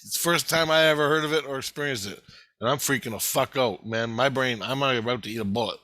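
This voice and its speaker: A man telling a rambling, profane story in casual vlog style, getting excited as he goes. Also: medium pitch, quick pace, dry recording. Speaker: vlogger.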